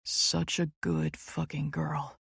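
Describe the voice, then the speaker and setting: A woman voicing a dominant, teasing young man in an audiobook, speaking low, slow and commanding. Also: sing-song, creaky, fairly bright tone, breathy edge, dry recording, studio quality, heavily acted. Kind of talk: audiobook character voice.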